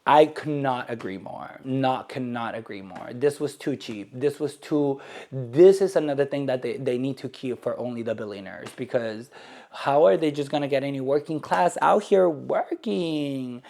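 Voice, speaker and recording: A man's voice: mid-range voice, normal speed, vocal fry, darkish tone. A young man ranting to camera in a sarcastic, rambling, dramatic way. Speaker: vlogger. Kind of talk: casual rant to camera.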